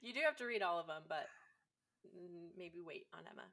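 A woman's voice: on the low side, brisk, fairly bright tone. A woman chatting casually and enthusiastically, with lots of fillers. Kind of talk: casual chat.

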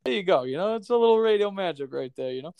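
A man hosting a casual sports podcast, talking in excitable, profane banter. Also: sits high, very fast, muffled recording. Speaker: podcast host.

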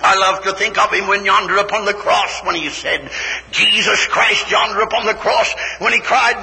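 A man's voice: high-pitched, normal speed, creaky. Fervent preacher man, ringing hall. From West Virginia, USA. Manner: fervent old-time preaching, rising to shouted climaxes. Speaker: evangelist preacher. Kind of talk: revival sermon. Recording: reverberant hall recording.

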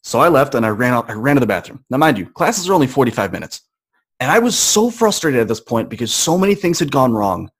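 An earnest young man speaking as a podcast guest, telling a personal story in an easy, conversational manner. His voice sits at a medium pitch and now and then shifts to act out what other people said. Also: sing-song, fast, breathy edge.

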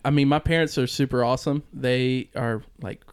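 A man's voice: mid-range voice, normal speed, smooth, dry recording. A young man in casual chat, telling a childhood story with lots of laughter. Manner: animated, laughs often, acts out quoted voices.

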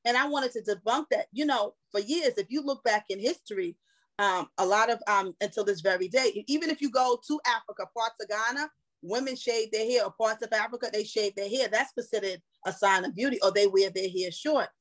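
A woman guest on a podcast, telling personal stories in an animated, casual way. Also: mid-range voice, fairly quick. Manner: animated, laughing, storytelling. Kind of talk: casual storytelling.

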